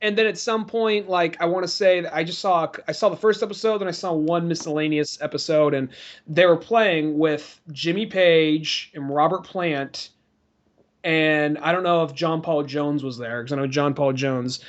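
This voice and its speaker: A man's voice: fairly high pitch, moderate pace. A man co-hosting a podcast, telling a rambling story in casual chat with lots of fillers and laughs. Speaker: podcast co-host. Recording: dull lo-fi podcast audio.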